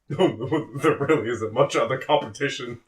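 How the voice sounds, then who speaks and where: A man's voice: medium pitch, measured pace. A man co-hosting a podcast in casual chat, giggly and tossing in jokey asides. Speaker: podcast co-host. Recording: echoey room.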